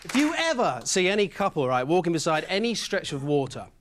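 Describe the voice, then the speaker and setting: A man doing a stand-up routine, rambling through absurd stories with deadpan asides. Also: high voice, a little fast, soft background music. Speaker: stand-up comedian. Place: comedy club stage with audience.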